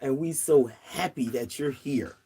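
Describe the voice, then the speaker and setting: Woman, 60s, livestream host; casual chatter outdoors, quick to laugh, greets viewers. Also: very deep voice, mellow, breathy edge.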